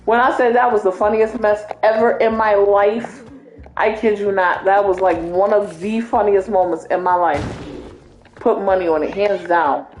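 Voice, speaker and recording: A woman's voice: medium pitch, fairly even intonation, moderate pace, darkish tone, a little hiss or hum. A woman DJ telling a funny family story in casual, slangy talk, laughing as she goes. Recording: roomy echo with faint music.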